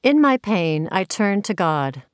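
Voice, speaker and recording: A woman's voice: medium pitch, very animated, measured pace, clean tone, dry recording, studio quality. A woman from Minnesota reading her own personal story of faith aloud in an earnest, reflective way. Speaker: narrator.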